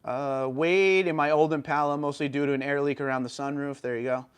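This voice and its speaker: Hosting a casual livestream, a man with a fairly high, steady voice talks a little fast in a clean tone, reading viewer comments out loud and replying brightly.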